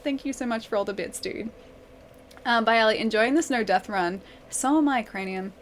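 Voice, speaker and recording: A young woman hosts a live game stream in a friendly, chatty way, giggling now and then as she answers her viewers one by one. Her voice sits a bit higher than most women's. A faint hiss runs under her speech. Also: normal speed. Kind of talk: casual live-stream chat.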